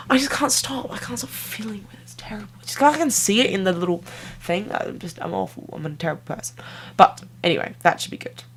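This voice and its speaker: Rambling, giggly woman vlogging. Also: fairly low pitch. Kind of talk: casual vlog chat to camera.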